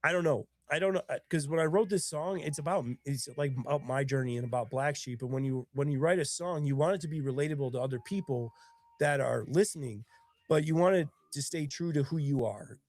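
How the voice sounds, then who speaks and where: A man's voice: on the high side, a little fast, a little mellow. A man with bronchitis, sniffling as he hosts his own live stream in casual chat. He tells stories earnestly and emotionally, with a lot of rambling.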